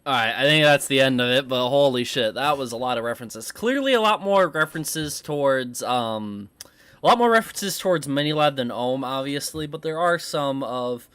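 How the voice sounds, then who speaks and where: A man talks over video clips in a loose, unscripted way. He thinks out loud, stops, and starts his questions again. His pitch sits in a middling range. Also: moderate pace, clear, resonant tone, no room sound. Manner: thinking aloud, restarting questions. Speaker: reaction commentator. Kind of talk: casual commentary.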